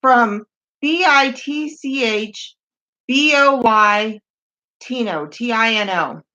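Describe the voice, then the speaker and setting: A woman with a fairly high voice reads strange messages aloud, deadpan and wry, stopping for asides. The sound is dull and lo-fi. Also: takes it slowly. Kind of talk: comedic reading of dating-site messages.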